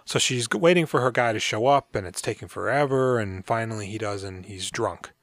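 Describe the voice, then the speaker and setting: A man's voice: lowish voice, brisk, a bit bright, no echo, clean studio sound. A man hosting a podcast, casually retelling a film's plot in a rambling, profane way and acting out the characters' lines. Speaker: podcast co-host. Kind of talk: casual movie recap.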